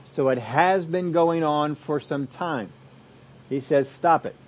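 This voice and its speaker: A man preaching a sermon, explaining scripture and moving between loud emphasis and soft asides. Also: fairly high pitch, slow. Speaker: pastor.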